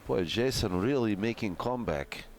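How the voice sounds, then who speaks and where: A man's voice: fairly low pitch, expressive, normal speed. A man voicing a mock Russian-accented pool commentator who drops articles and speaks in clipped broken English. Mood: jokey. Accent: put-on Russian. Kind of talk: live sports commentary.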